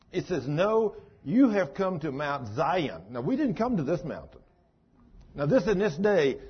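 A man's voice: on the high side, slightly rough, lo-fi sound. A man preaching a sermon in a folksy, dramatic storytelling manner.

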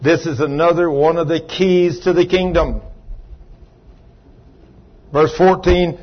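Folksy preacher with a husky voice. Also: male voice, fairly high pitch, fairly even intonation, slow, pauses often, highs cut off. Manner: folksy, calls on congregation members by name. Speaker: pastor. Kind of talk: sermon. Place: church.

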